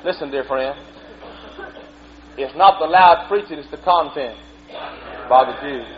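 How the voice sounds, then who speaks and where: A man preaching a fiery sermon in a church, swinging from low asides to shouted exclamations. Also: a little slow. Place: church sanctuary. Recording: dull old tape recording with faint hum.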